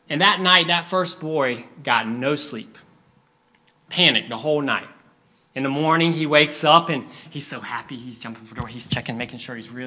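Bright-voiced animated male preacher. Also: medium pitch, normal speed. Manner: animated storytelling, acts out scenes. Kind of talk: sermon.

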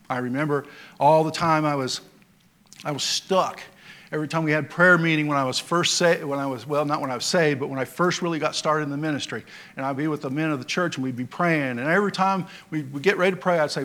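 A male pastor preaching a sermon in a folksy storytelling way, with many fillers and swings between loud emphasis and quiet asides. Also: on the high side, fairly quick.

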